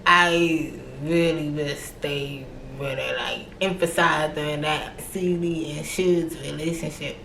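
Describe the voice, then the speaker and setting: A young American woman whose accent mixes Atlanta, Virginia and New York, chatting casually and slangily in a book review vlog. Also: fairly low pitch. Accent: American, mix of Atlanta, Virginia and New York. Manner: chatty and slangy, voicing her own reactions. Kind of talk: casual chat. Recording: roomy echo with faint background noise.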